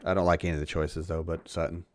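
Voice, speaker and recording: A man's voice: sits low, level tone, quick pace, dry recording. A man co-hosting a casual fantasy sports show, laid-back and chatty. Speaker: co-host. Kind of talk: casual chat.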